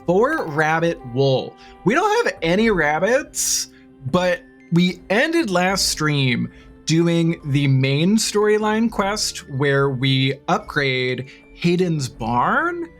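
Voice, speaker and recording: A woman streamer chatting casually with her live chat, bubbly and quick to laugh, on a desk mic. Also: on the low side, very animated, faint music behind.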